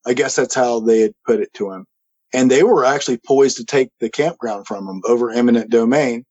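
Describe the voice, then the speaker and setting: A man telling his paranormal experience in a casual, animated way, acting out what people said, with frequent restarts. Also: mid-range voice, muffled recording. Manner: animated, quotes others and himself, many restarts. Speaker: guest telling a paranormal story. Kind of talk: casual storytelling.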